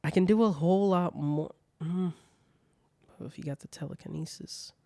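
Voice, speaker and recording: A man's voice: on the high side, moderate pace, creaky, a little mellow, dry recording. A young man hosting a solo podcast, telling stories in a casual, profane way. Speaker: podcast host.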